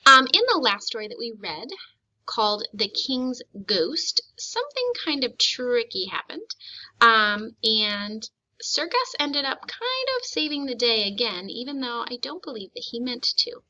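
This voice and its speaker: A woman teacher talks through a phonics lesson at an unhurried pace, her voice bright and sharp. She sounds out each word with care so young learners can repeat it. The recording is slightly dull and lo-fi. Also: on the high side, very animated. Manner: slow, deliberate modeling of words for repetition.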